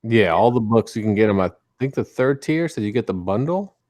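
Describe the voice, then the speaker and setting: A man's voice: lowish voice, expressive, a little fast, darkish tone, no room sound, studio quality. A man co-hosting a casual chat, easygoing.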